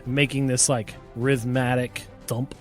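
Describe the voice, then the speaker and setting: A man at a middle pitch narrates a tabletop game as its game master, easygoing and full of pauses and fillers. Faint music plays underneath him. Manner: relaxed, hesitant narration with many fillers.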